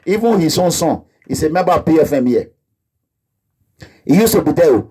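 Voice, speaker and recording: This is a Nigerian man with a Nigerian accent delivering a rambling, impassioned monologue. His voice sits high for a man and has a slightly husky edge. He keeps slipping into the voices of the people he describes, sounding indignant throughout. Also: expressive, normal speed, mellow. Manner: rambling, indignant, breaks into laughter and acts out quoted voices. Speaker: activist.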